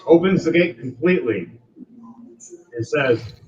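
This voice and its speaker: A man's voice: a little high, lively intonation, unhurried, a little mellow. A man running a tabletop game as game master, casually calling for rolls and narrating. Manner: casual, instructive, calls for rolls. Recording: dull sound with music behind.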